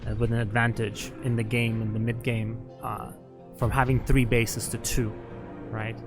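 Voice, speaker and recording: With music playing in the background, a man commentates a strategy game at a LAN event venue in a mid-range voice, flat and at normal speed. As an esports commentator he's chatty, analytical, and quick to laugh, with lots of fillers.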